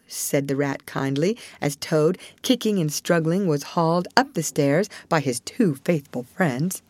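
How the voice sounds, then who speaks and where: A woman reads a classic storybook aloud, her low voice rising and falling expressively. She keeps a measured pace, recorded dry and close with no room sound. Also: lively intonation, a little mellow, dry recording. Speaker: narrator. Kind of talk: storybook reading.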